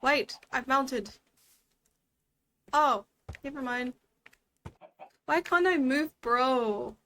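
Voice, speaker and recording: Giggly high-voiced woman teaching, slow. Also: sharp tone. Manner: playful, giggly, chatty. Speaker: VTuber language teacher. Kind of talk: casual streamed lesson while gaming.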